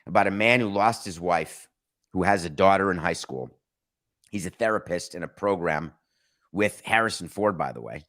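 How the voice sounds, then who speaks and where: A man's voice: deep voice, a bit bright. A man hosting a podcast, giving emphatic and sarcastic opinionated sports talk. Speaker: podcast host.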